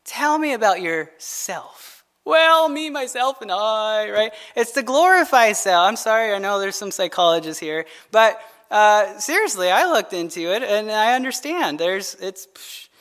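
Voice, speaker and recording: A man's voice: high voice, lively intonation, normal speed, a bit bright. A male pastor preaching a midweek sermon in a loose conversational way, asking "right?" over and over and adding jokey asides to the congregation.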